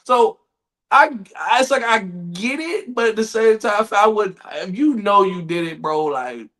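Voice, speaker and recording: A man hosting a podcast, telling stories in loud, profane, laughing banter. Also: sits high, unhurried. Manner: animated, profane, laughing storyteller. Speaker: podcast host.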